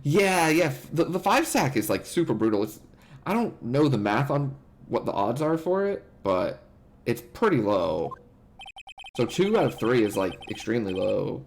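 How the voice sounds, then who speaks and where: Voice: mid-range voice, very animated, normal speed, a little hiss or hum. A streamer chatting casually with viewers while playing a video game, rambling and chatty. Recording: game music underneath.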